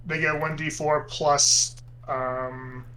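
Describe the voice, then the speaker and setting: Man, tabletop player, hesitant, slow, bright tone. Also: on the high side, flat delivery, rough recording. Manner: hesitant, many ums. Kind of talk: tabletop game play.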